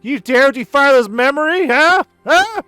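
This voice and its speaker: A man's voice: extremely high pitch, lively intonation, moderate pace, pushed and bright, no echo, soft background music, voice pushed up, full character voice. A man voicing a frail grieving old woman who wails in a folksy dialect, reading game dialogue aloud. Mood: scolding. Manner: dramatic folksy dialect, wailing.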